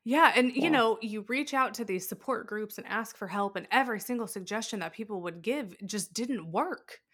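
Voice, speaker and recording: Woman, thirties, candid animated storytelling, bright voice. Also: medium pitch, normal speed. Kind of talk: casual conversation.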